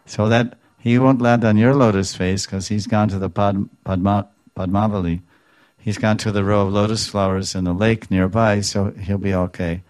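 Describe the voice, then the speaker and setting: Low-voiced man telling sacred stories. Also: moderate pace, dry recording. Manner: animated storytelling, explains terms, chuckles. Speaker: devotional speaker. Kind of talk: devotional talk retelling scripture stories.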